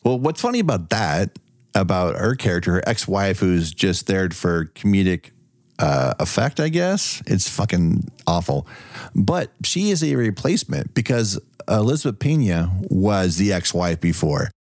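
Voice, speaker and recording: A man co-hosting a casual movie review podcast, animated and profane, laughing often. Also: low-pitched, moderate pace, no room sound, studio quality. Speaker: podcast co-host.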